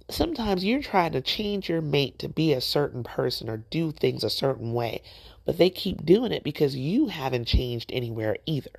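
Woman podcast host, middle-aged, gravelly with vocal fry, animated faith-based exhortation. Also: deep voice, no echo. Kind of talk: encouraging faith-based talk.

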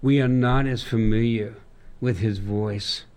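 A man, a pastor, talking through a Bible passage with a colleague and reading verses aloud slowly in old-style wording. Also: fairly low pitch, fairly even intonation, darkish tone, clear, resonant tone. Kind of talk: conversational Bible discussion.

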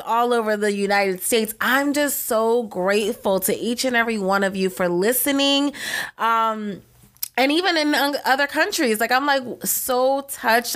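A young woman hosts her own motivational podcast with a fairly high voice. She talks in an effusive, grateful way, encouraging her listeners and repeating words for emphasis. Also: fairly bright tone. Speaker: podcast host. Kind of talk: motivational solo podcast talk.

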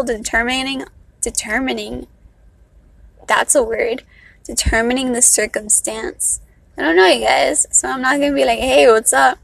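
A young woman from Miami talks off the cuff in a vlog, poking fun at herself as she goes. Her speech carries a Miami accent with a valley-girl lilt, set a little high and bright, with a gravelly fry on the ends of phrases. The recording is dry and close. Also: no room sound, rough recording. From Miami, Florida. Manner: chatty, self-mocking, loose. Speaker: vlogger. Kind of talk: casual unscripted rambling.

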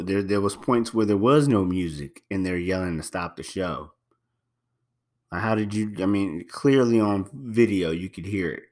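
A man hosting a podcast in casual spoken commentary, talking emphatically, repeating himself and using many fillers. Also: on the low side. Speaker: podcast host.

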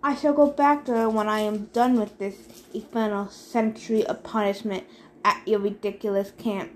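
A woman's voice: medium pitch, fairly even intonation, normal speed, a little hiss or hum, natural voice. A woman voicing a sneering, bored god. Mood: cold. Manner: sneering, disdainful. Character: sneering, bored male wine god, camp director.

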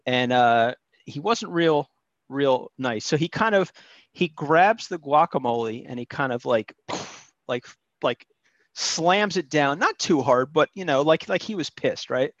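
A man with a fairly high voice rambles through his grievance with plenty of restarts, sounding indignant and worked up. The line is dull and lo-fi, with a dry, close sound and no room around him. He talks casually, like a caller on a phone-in show. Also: expressive, measured pace, dry recording. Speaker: caller telling a story.

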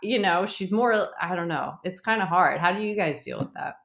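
Casting: animated woman in her thirties, casual talker, slightly low voice, roomy echo. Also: moderate pace, creaky. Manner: animated, laughs often, fillers like "like". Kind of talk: casual chat. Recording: echoey room.

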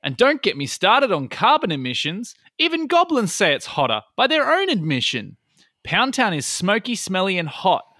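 A man voicing a boastful young male bard who performs loud, showy rhymes on stage in a tabletop game. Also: high-pitched, wildly swooping pitch, normal speed, dry recording, studio quality, voice pushed up, full character voice. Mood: showboating. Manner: loud, showy, sing-song rhyming. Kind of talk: tabletop role-play voice.

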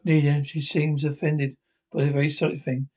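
Halting higher-voiced male reader. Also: little pitch movement, darkish tone. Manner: halting, frequent stumbles and repeated words. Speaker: narrator. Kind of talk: reading aloud a fan scene description of a TV episode.

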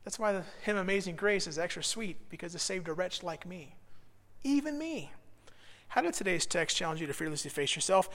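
A man in his thirties preaching a sermon, telling a self-deprecating personal story that builds to shouts. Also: high voice, animated, a little fast. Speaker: pastor. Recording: long reverb of a large hall.

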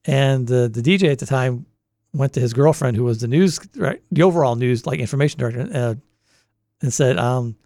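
Speaking in a brisk, gravelly yet mellow medium-pitched voice, a sixty-something Boston man reminisces for an oral history about his many years as a college radio volunteer. He rambles and restarts frequently, and the studio-quality recording is dry.

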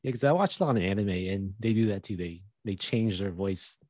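A man's voice: on the low side, a little fast, a little mellow, dry recording, studio quality. A man co-hosting a podcast in casual chat, laid-back and often answering with short reactions. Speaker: podcast co-host.

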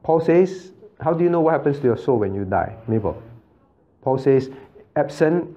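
A man's voice: mid-range voice, lively intonation, moderate pace, dark tone, lo-fi sound. A man, a pastor, teaching a Bible study class, constantly asking his listeners questions, checking with "right?" and chuckling as he explains. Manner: chuckles often while explaining.

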